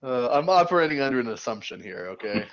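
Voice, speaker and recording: A man's voice: medium pitch, animated, quick pace, a bit bright. A man speaking as a player in a tabletop game, in a wry offhand way. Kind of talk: casual tabletop game talk. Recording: dull lo-fi mic.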